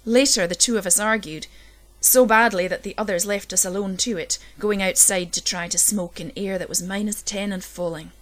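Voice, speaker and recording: A woman's voice: fairly even intonation, moderate pace, hardly any pauses, a bit bright. Woman narrating a grim horror tale. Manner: low, intense storytelling that swells at tense moments. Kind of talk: scripted horror story reading.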